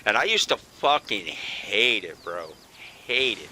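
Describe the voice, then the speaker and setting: A man's voice: fairly low pitch, very animated, measured pace, pushed and bright, slight background noise, poor audio. A man hosting a casual gaming chat, swearing freely and calling everyone bro. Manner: profane, laid-back, calls everyone bro. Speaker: channel host, former soldier.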